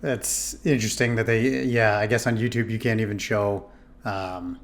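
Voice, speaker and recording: A man hosts a reaction video and comments casually on a history clip. He rambles, stops to correct himself and fills gaps with lots of ums. His voice sits a little low. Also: fairly even intonation, normal speed. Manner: rambling, self-correcting, many fillers.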